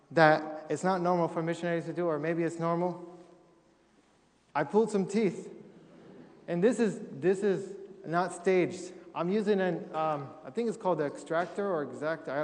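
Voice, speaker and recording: A man's voice: a little high, moderate pace. Young man telling stories in a church hall. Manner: humorous storytelling, acting out quotes. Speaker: missionary speaker. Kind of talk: testimony talk to a congregation. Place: church sanctuary.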